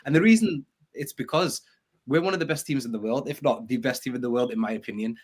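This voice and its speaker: A man's voice: mid-range voice, a little mellow, slightly rough. Man, panel guest, eager, enthusiastic, video call. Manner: eager, enthusiastic, talks in rushes. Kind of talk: casual fan panel chat.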